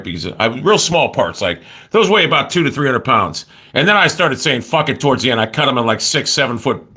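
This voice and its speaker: A middle-aged man livestreaming casually from his yard on a phone, telling stories bluntly with heavy cursing. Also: medium pitch. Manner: profane, blunt ranting; animated storytelling. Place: outdoors in a yard.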